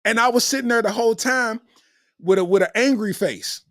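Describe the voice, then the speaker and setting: A man's voice: extremely high pitch, brisk, fairly bright tone, no room sound, clean studio sound. A middle-aged man hosting a comedy podcast, telling stories in a loose, slangy way and breaking into laughter between lines.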